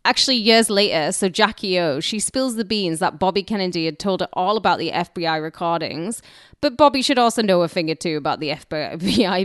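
A woman's voice: on the low side, dry recording, studio quality. A woman co-hosting a podcast, telling a history story with irreverent, crude jokes and frequent laughs. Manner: laughs often. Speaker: podcast co-host.

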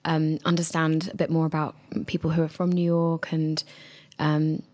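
Hesitant young woman actor, lowish voice. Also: flat delivery, moderate pace, darkish tone. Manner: hesitant, with many fillers and restarts. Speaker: drama student actor. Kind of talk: casual interview answers.

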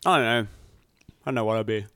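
A man's voice: lowish voice, normal speed, fairly bright tone, clean tone, no echo, studio quality. A young man co-hosting a podcast in casual chat, joking and swearing freely. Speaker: podcast co-host.

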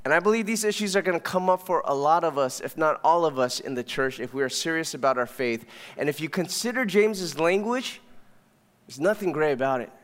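A man preaching as pastor, telling stories in a casual, animated way. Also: fairly high pitch, a little fast. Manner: conversational storytelling, animated. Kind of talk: sermon. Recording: long hall reverb.

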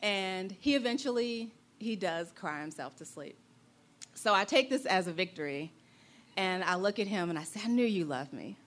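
Young adult woman, mid-pitched, animated storyteller who voices her quotes playfully. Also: normal speed. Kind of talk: personal storytelling.

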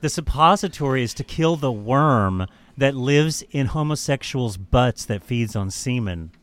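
A man's voice: medium pitch, expressive, a little slow, clean tone, no echo. A man hosting a casual podcast chat who tells a story with heavy swearing and mockery and laughs often.

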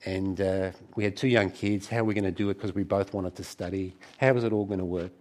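A middle-aged man preaching a sermon to a church gathering, conversational and warm in tone, with frequent restarts. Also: deep voice, fairly even intonation, fairly quick.

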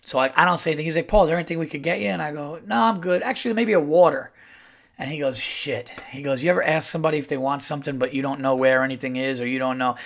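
A man's voice: fairly high pitch, very fast, vocal fry. A middle-aged man, a comedian hosting his podcast, telling a casual story and acting out the dialogue. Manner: animated, acts out quoted dialogue.

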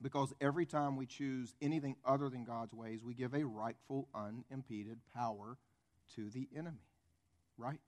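A man's voice: medium pitch, moderate pace, a little mellow. A male pastor preaching a conversational sermon full of rhetorical questions and acted-out stories.

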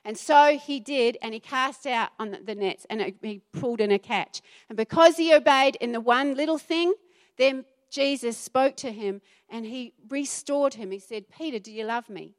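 A middle-aged woman pastor preaching a sermon, acting out the voices she quotes with animated emphasis. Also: on the high side, moderate pace.

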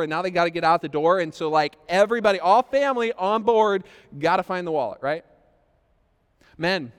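A man's voice: high voice, smooth, big-room sound. A man preaching a sermon as pastor, conversational and joking, talking straight to the congregation. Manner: conversational, jokey, addresses congregation directly. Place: church hall.

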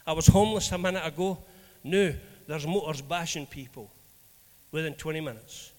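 A man's voice: fairly high pitch, normal speed, big-room sound. A Scottish man preaching as a minister, telling stories animatedly and acting out the dialogue. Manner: animated, acts out dialogue in anecdotes. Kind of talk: storytelling sermon.

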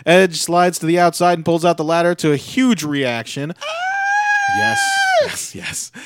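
A man with a fairly high voice, talking through a wrestling match move by move on a casual podcast. He gets excited and loud on the big spots. The sound is dry and close, with no room around it. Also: a little slow, clean tone, no room sound. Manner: lively play-by-play, rising loudly on big moves. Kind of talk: casual chat with play-by-play recap.

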